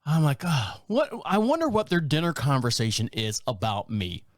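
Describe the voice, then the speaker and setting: Recorded with clean studio sound and no echo, a man in his fifties hosts a podcast from a small rural town. His mid-range voice moves at normal speed as he tells comedic stories in a loose, rambling way, acting out voices and laughing frequently with animated energy.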